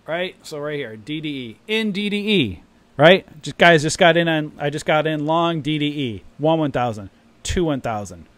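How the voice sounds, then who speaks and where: Man, trading stream host, animated, slightly high voice, acts out panicked traders. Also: normal speed. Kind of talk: live stream market commentary.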